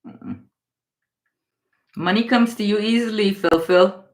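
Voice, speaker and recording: Unhurried, this tarot reader from Guyana works through a live reading, addressing the listener as darling and baby and saying their name again and again. She shifts from high, excited outbursts to quiet, low guidance.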